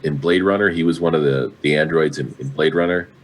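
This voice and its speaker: Very deep-voiced relaxed podcast co-host. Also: male voice, fairly quick, slight background noise. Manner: relaxed, self-deprecating, trivia-sharing. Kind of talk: casual podcast chat.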